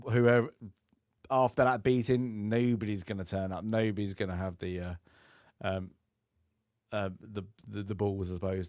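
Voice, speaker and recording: A man's voice: low voice, a little mellow, no echo, studio quality. Rambling man recapping a film. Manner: rambling, many fillers, acts out film lines with laughs. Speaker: film review podcast host. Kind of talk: casual film discussion.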